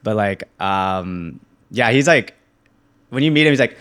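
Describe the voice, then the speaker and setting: A young man in his twenties, a podcast guest, telling his story in a casual, animated way, laughing often and acting out other people's lines. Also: on the low side, unhurried, smooth. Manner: animated, laughs often, acts out quoted voices.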